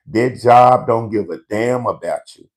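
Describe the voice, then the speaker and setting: A man's voice: mid-range voice, a little slow. A man hosting a live comedy show, ranting in a brash, profane storytelling way to online viewers.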